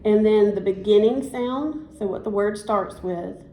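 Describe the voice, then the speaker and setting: A woman's voice: medium pitch, a little slow, dark tone. A woman teacher giving a one-on-one science lesson, encouraging and praising as she prompts the student to repeat after her. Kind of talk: one-on-one classroom instruction. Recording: echoey room.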